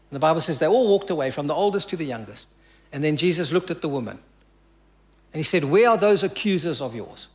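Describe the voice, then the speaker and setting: A male pastor preaching a sermon, telling a story and dropping his voice low and soft for quoted lines.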